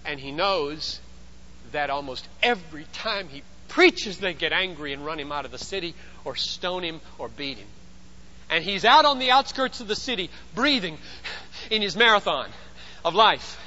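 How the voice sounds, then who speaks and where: A man preaching a sermon as pastor, emphatic, swinging between loud urgency and hushed intensity. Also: on the high side, lively intonation, normal speed, highs cut off.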